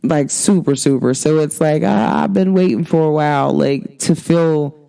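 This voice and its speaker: A woman's voice: low-pitched, normal speed, gravelly, dark tone. A woman hosting an astrology show, talking casually and emphatically to her viewers with sassy slang. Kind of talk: casual spiritual talk to viewers.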